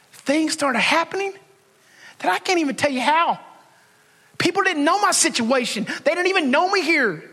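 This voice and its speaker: A man's voice: very high voice, a bit bright. A man preaching a casual, emphatic sermon as pastor, talking to the congregation and acting out his prayers to God. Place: church sanctuary. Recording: long reverb of a church hall.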